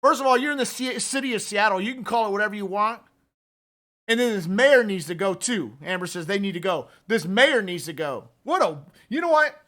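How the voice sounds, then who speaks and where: A man with a high, bright, forceful voice rants through political commentary. He sounds fired up and talks casually, straight to his listeners, like he's calling out to a buddy. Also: lively intonation, brisk. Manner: fired-up, ranting delivery; conversational, addresses listeners directly with "man".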